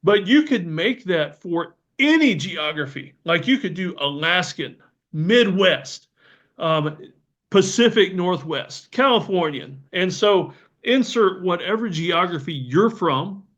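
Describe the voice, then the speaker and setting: A podcast host from the Southern United States talks casually and enthusiastically on his solo show, using many fillers and restarts. His voice sits high and a bit bright, slow-paced with lively intonation, and the audio is slightly dull and lo-fi.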